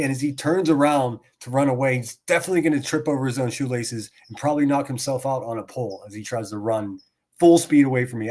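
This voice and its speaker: A male streamer with a mid-pitched voice tears into someone on another stream. He taunts, swears freely and laughs in a sarcastic, mocking way, jumping between quiet mutters and loud jabs. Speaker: streamer reacting to clips. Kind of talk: profane mocking rant.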